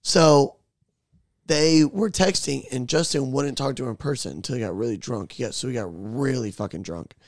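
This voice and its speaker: A man's voice: mid-range voice, moderate pace, no room sound, studio quality. A young man co-hosting a podcast, telling a rowdy, profane story in a casual chat. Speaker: podcast co-host.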